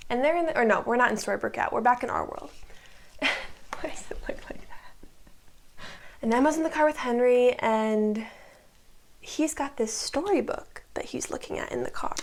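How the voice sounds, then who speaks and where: Chatty woman with a gravelly edge. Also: a little high. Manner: chatty, peppered with "like" and quick whispered asides. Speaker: recap video host. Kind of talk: casual recap.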